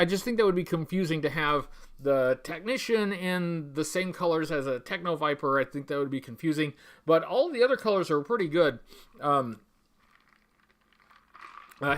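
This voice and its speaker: Bright-voiced man hosting a livestream. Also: a little high. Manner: halting, many fillers and restarts; greets chat viewers by name. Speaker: toy collecting channel host. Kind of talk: casual livestream chat.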